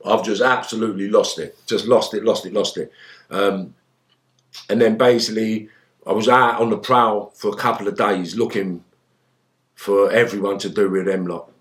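A middle-aged former gangster tells stories in an interview, swearing heavily. His voice is fairly low and moderately paced, and he narrates with animation, loudly acting out other people's voices.

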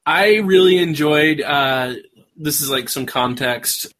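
A man co-hosts a casual podcast, with a slightly high voice and a bright, forceful tone. He jumps into the talk eagerly, with a wry edge. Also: takes it slowly. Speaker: podcast co-host.

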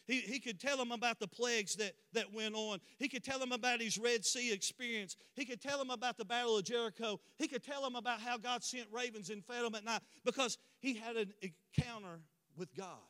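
Male preacher, fervent sermon delivery, high bright voice, long church-hall reverb. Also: fairly quick, few pauses, smooth. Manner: impassioned, building to emphatic declarations. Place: church sanctuary.

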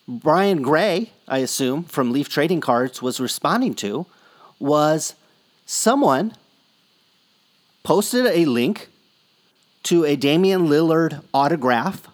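Man, podcast host, casual rambling chat, slightly higher voice. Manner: rambling, conversational.

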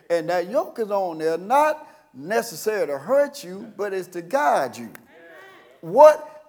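A man preaching a sermon as pastor, folksy and storytelling, breaking into sudden shouts and chuckles. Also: high voice.

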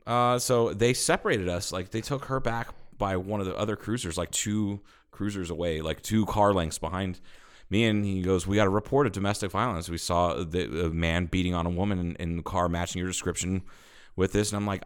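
A middle-aged man with a low, smooth, resonant voice tells a story on a podcast. He is animated and casual, swears freely and laughs as he goes. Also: a little fast. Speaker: podcast co-host.

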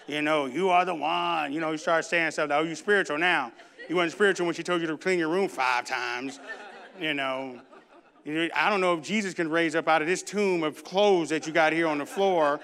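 A man's voice: a little high, bright, forceful tone. A man preaching a sermon, telling a funny family story and acting out the dialogue before turning to scripture. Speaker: pastor.

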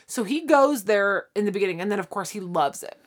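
A woman co-hosting a podcast chats casually while recapping a sitcom plot, animatedly acting out the characters' lines. Her voice is medium in pitch and she speaks a little fast.

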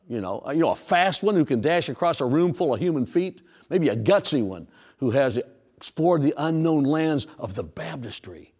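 A man delivers a sermon as an animated storyteller, piling up rhetorical questions. His voice swings widely in pitch and sits a touch high for a man. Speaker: pastor. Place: church auditorium.

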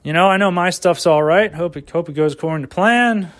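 A man's voice: sits high, fairly quick, a bit bright. A man in his home kitchen, rambling profanely and talking to himself about comedy and his week. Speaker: vlogger and amateur stand-up comic. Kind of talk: rambling casual monologue.

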